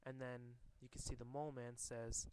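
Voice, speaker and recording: Smooth-voiced man reading a comic aloud. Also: mid-range voice, little pitch movement, a little mellow, rough recording. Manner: halting, rereads and corrects himself. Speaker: comic reader. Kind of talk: casual comic read-along commentary.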